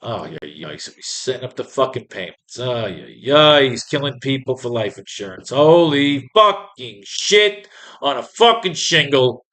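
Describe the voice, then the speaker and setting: A man's voice: mid-range voice, very animated, measured pace, fairly bright tone. A man hosting a writing class, reading comics aloud and ranting at them with crude, exasperated commentary. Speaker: host.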